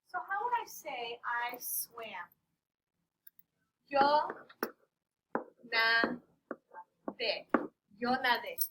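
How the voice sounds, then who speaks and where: A woman teaching a Spanish class, playful and animated, quizzing her students as she goes. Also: high-pitched, noisy background. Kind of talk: classroom lesson. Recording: distant classroom mic.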